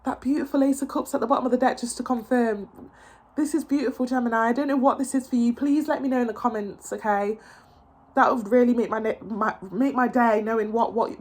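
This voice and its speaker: Emotional, encouraging woman reading tarot. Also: a little high. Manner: emotional, repetitive, encouraging, frequent restarts. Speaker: tarot reader. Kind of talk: casual tarot reading to camera.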